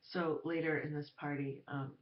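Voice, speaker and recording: A woman's voice: low-pitched, level tone, moderate pace, slight background noise. A woman telling a story in a casual monologue, rambling and hesitant, full of fillers. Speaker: vlogger. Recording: roomy, dull lo-fi recording.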